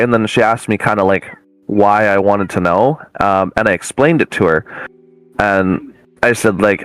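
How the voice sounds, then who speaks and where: Man, guest storyteller, lowish voice, rambling with lots of fillers, dry close sound. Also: normal speed, fairly bright tone, clear, resonant tone, dry recording, faint music behind, low-quality recording. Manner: rambling with many fillers and restarts. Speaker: guest, medium. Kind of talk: casual storytelling.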